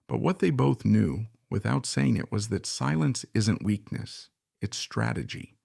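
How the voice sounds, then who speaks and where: A male narrator reads a story in a steady, reflective manner. His voice is low and heavily gravelly, full of fry. The recording is dry and close, with no room reverb. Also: measured pace. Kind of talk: scripted narration.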